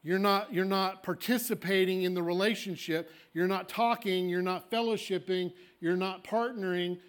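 Male pastor, high tenor preaching voice, emphatic sermon delivery with sudden hushed drops. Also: fairly even intonation, normal speed. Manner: emphatic, swings from loud declarations to hushed asides; acts out congregants' objections in a small voice.

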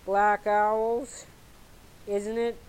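A woman's voice: medium pitch, steady tone, slow, dark tone, lightly acted, poor audio. Woman reading as a furious fat rat prince. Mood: angry. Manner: bellowing, accusing. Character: fat paranoid male rat prince, quick to rage.

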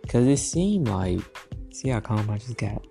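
A woman's voice: very deep voice, very animated, measured pace, gravelly, dark tone. A woman giving a loose, profane, playful tarot reading to her viewers in a casual vlog. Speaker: tarot reader. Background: music playing.

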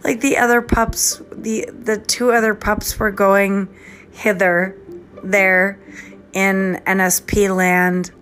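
A woman's voice: medium pitch, level tone, fairly bright tone, a little hiss or hum. A woman from the East Coast of the US, talking over a phone in a rambling personal voice memo that drifts into whispers. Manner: slow, meandering, drifts into whispers. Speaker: podcast host.

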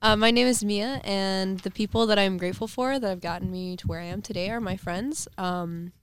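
A woman's voice: mid-range voice, fairly even intonation, a little fast, slight background noise. Earnest teenage girl. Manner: earnest, with fillers. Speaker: club member. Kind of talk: casual chat.

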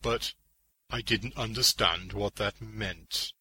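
Man doing a grave superhero, low voice, very slow, bright husky tone. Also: full character voice. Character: weary grown man posing as a superhero.

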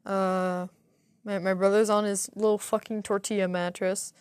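A woman's voice: medium pitch, level tone, normal speed, darkish tone, smooth, no echo, studio quality. A young adult woman hosting a podcast, telling a rambling, profane story full of stuttering restarts. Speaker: podcast host. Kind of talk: casual solo storytelling.

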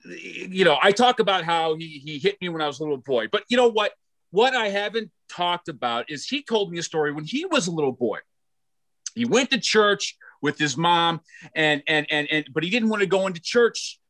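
A middle-aged man performing a stand-up set, loud and animated, self-mocking, stumbling over restarts. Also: on the high side, moderate pace, no room sound. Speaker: stand-up comedian.

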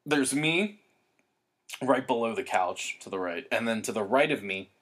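A man's voice: medium pitch, expressive, normal speed, fairly bright tone. A young man telling rambling, profane stories in casual chat, full of fillers and restarts.

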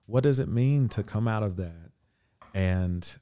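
A man's voice: on the low side, lively intonation, measured pace, warm tone. A man reflecting thoughtfully in casual podcast conversation. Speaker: podcast co-host.

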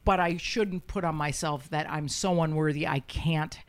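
A woman's voice: low-pitched, steady tone, moderate pace. Woman, 50s, comedian and podcast host, brash, swears freely, self-deprecating. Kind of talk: casual podcast chat.

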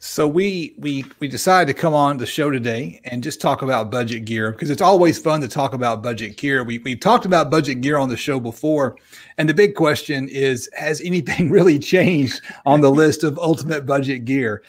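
A man's voice: medium pitch, moderate pace. A man hosts a live stream podcast in an easy, chatty way. He pokes fun at himself and reads viewer comments aloud as he goes. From American South. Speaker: podcast host. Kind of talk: casual live-stream chat.

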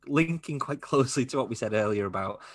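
A man's voice: medium pitch, expressive, fast talker, dry recording, studio quality. A man co-hosting a podcast, chatting casually and jokingly about films with rambling asides. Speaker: podcast co-host. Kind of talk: casual film chat.

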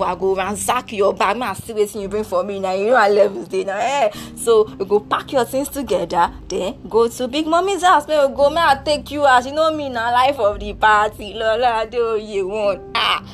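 A woman plays a cheeky younger sister speaking in Nigerian Pidgin, brisk and teasing as she scolds and comforts her sibling. Her voice sits lower than the older sister's but is still high, with faint music behind. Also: close to an everyday voice. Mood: consoling playful. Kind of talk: homemade audio drama.

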